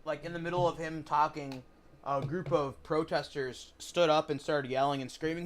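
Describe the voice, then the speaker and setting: A man's voice: fairly high pitch, steady tone, moderate pace. A young man giving casual gameplay commentary, rambling and opinionated, with frequent swearing. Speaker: gaming streamer.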